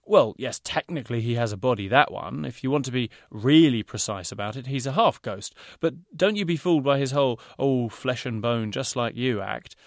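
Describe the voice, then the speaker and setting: A man voicing a fussy male fashion designer who talks in rapid, pompous salesman's patter. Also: medium pitch, expressive, no echo, clean studio sound, natural voice.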